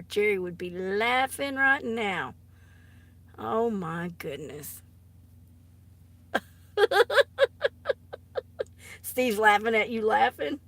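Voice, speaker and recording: A woman's voice: mid-range voice, animated, extremely slow, pauses often, a bit bright, no echo. A woman chatting casually on a live stream, giggly and teasing, often dropping into embarrassed whispers. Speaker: artist live-streaming to viewers. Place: home art studio.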